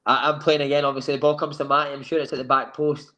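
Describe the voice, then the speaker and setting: A man with a Scottish accent, a guest telling lively anecdotes and acting out the dialogue in a sofa chat. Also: on the high side, fast talker, muffled recording. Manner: lively storyteller who acts out quoted dialogue. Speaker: former footballer guest.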